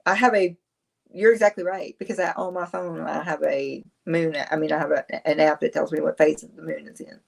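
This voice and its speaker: A woman's voice: low voice, steady tone, fairly quick, creaky. A woman, chatting casually on a livestream, rambling, answering viewers and laughing often. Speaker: livestream host.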